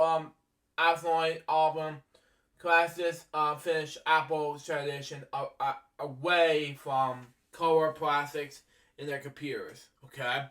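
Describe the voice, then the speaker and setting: A young man reads computer history aloud at a slow, stop-start crawl, tripping over words and apologizing each time he misspeaks. His voice sits a little high, and he is set back from the microphone, so the sound comes across distant. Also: fairly bright tone. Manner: stumbling reader, many ums, frequent apologies for misspeaking. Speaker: amateur video maker reading facts aloud. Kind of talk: halting read-aloud narration. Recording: voice from a distance from the mic.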